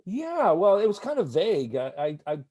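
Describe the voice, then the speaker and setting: A middle-aged man from Italy, an actor guest telling animated anecdotes with frequent laughs in a casual interview. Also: high-pitched, normal speed, dry recording.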